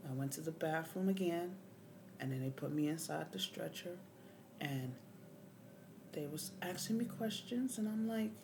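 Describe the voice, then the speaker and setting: A woman's voice: deep voice, normal speed, creaky, long pauses, noisy background. A woman vlogger casually recounting a story, indignant and swearing, her voice often rising sharply. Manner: indignant, swearing, rising to near-yelling at times.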